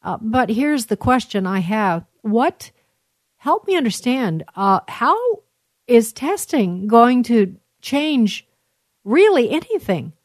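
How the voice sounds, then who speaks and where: A woman hosting a talk show, rambling through commentary on news clips with frequent pauses and restarts. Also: a little high, big pitch swings, no echo, studio quality. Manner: rambling, many fillers and restarts.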